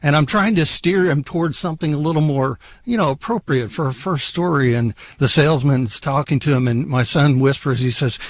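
A man's voice: medium pitch, moderate pace, few pauses. A middle-aged man telling a humorous personal story and acting out the voices in it. He also serves as a part-time host of the show. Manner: playful, acts out voices in his tale.

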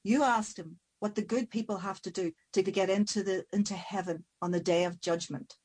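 An ancient hooded fiddler of the fair folk, grim and unearthly, his voice slow and weighted, as a woman storyteller puts him on. He is a withered old creature who pleads and threatens by turns. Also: mid-range voice, steady tone, darkish tone, breathy edge, close to an everyday voice. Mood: pleading.

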